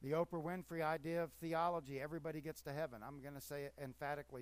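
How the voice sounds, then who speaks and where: A man preaching from the pulpit, pressing his points with emphatic, swelling force. His voice sits a bit above the usual pitch for a man. The sound is close and dry, with no room around it. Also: steady tone, quick pace, clear, resonant tone, no room sound. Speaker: pastor. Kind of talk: sermon.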